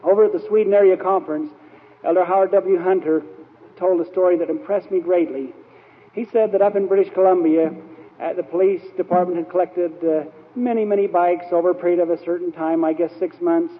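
A fairly quick man with a high voice and steady tone gives a storytelling sermon as a church speaker. He rambles anecdotally and uses lots of fillers, and the old hall recording is tinny and echoey.

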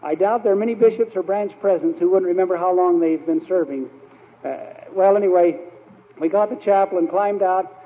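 A church speaker with a high, brisk male voice tells stories through his sermon, rambling and anecdotal and full of fillers. The old hall recording sounds tinny and echoey.

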